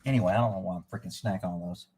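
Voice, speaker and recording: A man's voice: low voice, racing, darkish tone, a little hiss or hum. A man hosting a casual live stream, ranting sarcastically and muttering as he reads aloud and answers chat. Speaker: livestream host.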